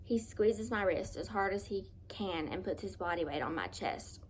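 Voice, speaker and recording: A woman vlogger telling a personal story in an earnest, halting, confessional way, often restarting her sentences. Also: medium pitch, a little hiss or hum.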